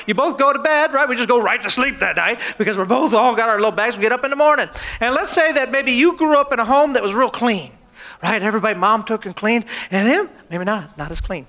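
A high, bright male pastor preaching with a playful storyteller's touch. He slips into little voices for the people in his stories and keeps checking in with the crowd. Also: fast. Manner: humorous storytelling, acts out everyday scenes. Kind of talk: sermon.

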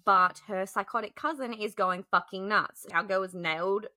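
A woman's voice: mid-range voice, moderate pace, sharp tone. A woman co-hosting a podcast, recapping a book in profane, sarcastic casual chat. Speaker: podcast co-host.

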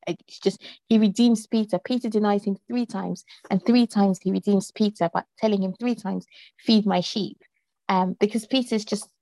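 A woman talks through scripture in a relaxed conversational way, asking questions and musing aloud. Her voice is mellow and gravelly, and the sound is dry and close. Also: medium pitch, dry recording. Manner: thoughtful, asks questions, many fillers. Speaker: co-host of a Bible discussion. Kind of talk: casual Bible study chat.

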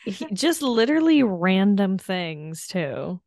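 A woman co-hosting a casual podcast, giving slow, frank reactions to a reality show. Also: mid-range voice, sing-song, darkish tone, no room sound, studio quality. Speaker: podcast co-host. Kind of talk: casual chat.

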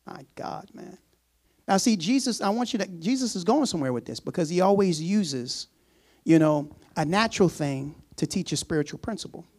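A man preaching reads passages of scripture, laughs through occasional asides, and performs the servant's words in a low, easygoing voice. His intonation is lively, his pace brisk, and his tone a little mellow.

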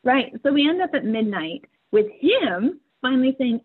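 A woman's voice: sits high, sing-song, normal speed, hardly any pauses, breathy edge. A woman in her forties, a podcast guest, telling a personal family story candidly, earnest and emotional, often laughing through her words. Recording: tinny phone-like line.

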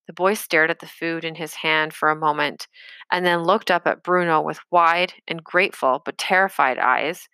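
A woman reading an audiobook chapter in a measured storytelling manner. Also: low-pitched, fairly even intonation, bright, forceful tone, smooth, no room sound. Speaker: audiobook narrator. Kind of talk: scripted narration.

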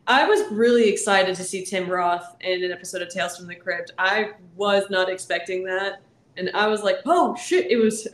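A woman's voice: mid-range voice, normal speed, roomy sound, a little hiss or hum, low-quality recording. A woman co-hosting a podcast in casual, laughing chat, swearing freely. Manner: laughs often, swears, animated. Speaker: podcast co-host.

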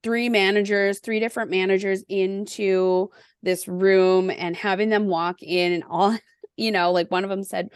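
A woman hosts a podcast and recounts her own experiences with animated energy. She acts out the people she quotes. The recording sounds dry and close. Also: mid-range voice, moderate pace, clean tone, no room sound. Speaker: podcast host. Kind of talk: casual interview chat.

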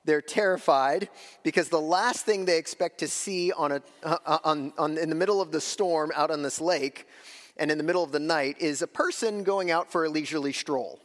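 Male pastor, slightly high voice, conversational sermon delivery, long church reverb. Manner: conversational preaching, shifting between slow emphasis and quick asides.

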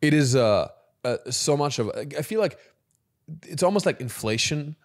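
A man's voice: a little high, lively intonation, moderate pace. A man with a German accent, hosting a podcast and talking candidly and reflectively in casual conversation. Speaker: podcast host.

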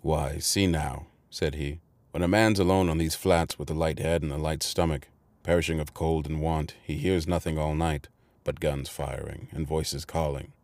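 A man reading the part of a gruff, suspicious convict with rough country speech. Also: rumbling low, fairly even intonation, moderate pace, a little mellow, no room sound. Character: gruff hunted male convict, suspicious and ravenous.

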